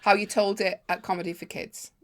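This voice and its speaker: A woman co-hosting a casual podcast, teasing her co-host with quick, witty comebacks. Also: medium pitch, little pitch movement. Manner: teasing, quick-witted retorts. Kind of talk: casual chat.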